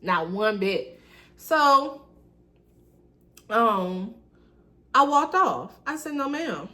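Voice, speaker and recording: A young woman vlogger telling a storytime in a sassy, animated, colloquial way. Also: on the high side, very slow. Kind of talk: casual storytime.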